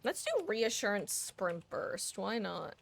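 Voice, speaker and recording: A woman's voice: mid-range voice, slow, vocal fry, a little hiss or hum. Chatty self-mocking woman streamer. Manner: chatty, thinking aloud, self-deprecating asides. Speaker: game streamer. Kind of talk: casual gameplay commentary.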